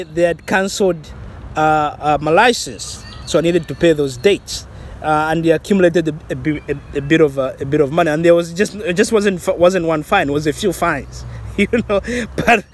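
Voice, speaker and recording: A man's voice: on the high side, normal speed, a little hiss or hum. A man from Zambia casually telling a personal story, rambling with many restarts and fillers and laughing at himself. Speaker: vlogger.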